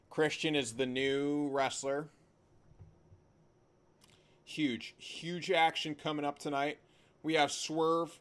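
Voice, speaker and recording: A man's voice: fairly high pitch, a bit bright. A young man hosting a live wrestling watch-along, rambling and joking while he reads and answers chat by name. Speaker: livestream host reacting to wrestling.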